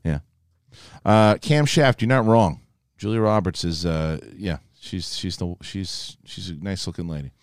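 A man's voice: sits low, unhurried, no room sound, clean studio sound. A man co-hosting a casual live show, reading viewer messages and telling rambling stories. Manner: rambling, animated storytelling. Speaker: co-host. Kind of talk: casual live-stream chat.

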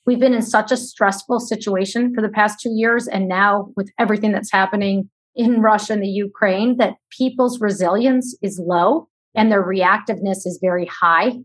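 A woman producer bringing listener questions to the host in a relaxed, conversational way. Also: medium pitch, moderate pace, few pauses, breathy edge.

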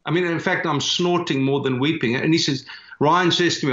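A man with a South African accent telling a personal story in an earnest, animated way, filling pauses as he goes. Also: on the high side. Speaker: guest, church planter. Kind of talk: storytelling in conversation. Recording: echoey, dull remote audio.

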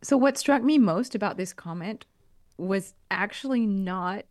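A woman's voice: medium pitch, animated, unhurried, no echo, studio quality. A woman, co-hosting a podcast in a casual, rambling chat. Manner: chatty, rambling explanations with many fillers. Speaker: podcast co-host.

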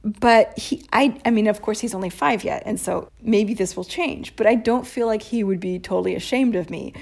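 An American woman in her thirties talks casually on a podcast. Her voice has a gravelly, creaky texture. She acts out pronunciations with animated emphasis. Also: mid-range voice, normal speed. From United States. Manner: animated, demonstrates sounds and accents. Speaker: podcast co-host. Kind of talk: casual conversation.

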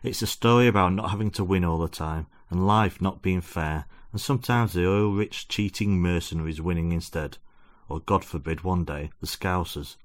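A man's voice: low voice, moderate pace, close to an everyday voice. A man reading aloud as a pompous, self-deluding football-obsessed father lecturing his son. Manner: preachy, lecturing.

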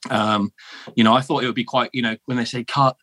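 A man's voice: mid-range voice, fairly even intonation, quick pace, fairly bright tone. A British man telling his story as a podcast guest, chatty and laid-back, often dropping "man" and "um". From United Kingdom. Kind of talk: casual interview storytelling.

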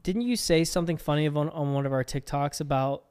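A man's voice: fairly high pitch, fast, a little mellow, clean tone. A man from Pittsburgh co-hosting a casual podcast chat, easygoing and proud of his hometown. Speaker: podcast co-host.

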